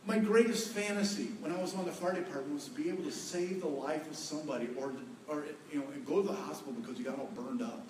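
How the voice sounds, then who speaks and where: A middle-aged male pastor preaching in a folksy, joking way, stressing key words by repeating them. His voice sits a little high and carries a heavy echo. It sounds picked up from across the hall, with faint room noise behind it. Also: fast, few pauses, darkish tone, recorded from a distance. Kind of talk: sermon on marriage. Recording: echoey hall, voice from afar.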